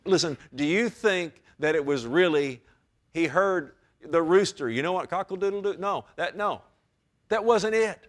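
A man's voice: fairly high pitch, a little slow. A man preaching a sermon as pastor, with emphatic rises and direct calls to his congregation.

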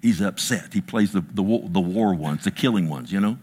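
The voice has a breathy edge: a pastor in his sixties preaching to the congregation, moving from loud, high-pitched bursts to slow, low emphasis and tossing in self-deprecating remarks.

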